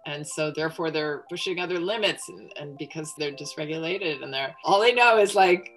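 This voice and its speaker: A woman guest in an interview, explaining parenting in a calm, thoughtful way and brightly voicing a parent's words. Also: deep voice, normal speed, faint music behind, poor audio. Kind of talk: casual interview talk.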